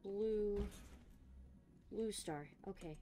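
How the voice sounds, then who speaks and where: A young woman talks her way through a creepy game with a voice of ordinary pitch. She sounds jumpy and rattled, muttering to herself and swearing as she plays. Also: extremely slow, warm tone, soft background music. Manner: jittery, swearing, talking to herself while scared. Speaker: streamer. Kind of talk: let's play commentary.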